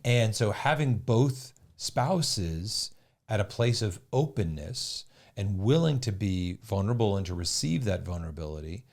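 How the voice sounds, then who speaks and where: Man, 50s, low-ish voice, podcast co-host, earnest, reflective, hesitant restarts. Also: sing-song, a little slow, darkish tone. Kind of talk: casual conversation.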